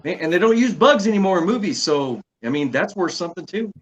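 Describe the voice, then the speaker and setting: A man joining a casual film-review podcast as a guest, throwing in quick, eager asides. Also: sits high, lively intonation.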